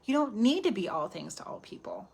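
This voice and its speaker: Woman host, casual live self-help talk, expressive, slips into whispered asides. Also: mid-range voice, brisk, creaky, breathy edge. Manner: animated, chatty, often drops to a whisper for asides. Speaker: healing coach hosting a live stream.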